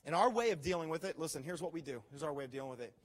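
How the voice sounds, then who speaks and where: Guy pastor preaching, acts out his own reactions, voice a bit high, big echoey church hall. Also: animated, racing. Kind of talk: sermon.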